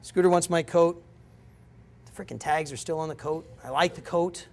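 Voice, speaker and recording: A man's voice: fairly high pitch, normal speed. A middle-aged man giving a guest lecture, telling stories in a rambling, self-interrupting way. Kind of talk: storytelling lecture. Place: lecture room.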